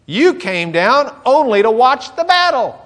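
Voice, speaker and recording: A man's voice: extremely high pitch, sing-song, measured pace, fairly bright tone, voice pushed up, full character voice. A man voicing an angry older brother who scolds his younger sibling with contempt. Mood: angry scorn.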